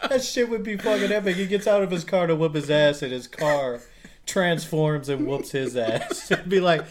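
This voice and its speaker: Male podcast co-host, slightly high voice, profane and laughing, casual storyteller. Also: normal speed, background noise.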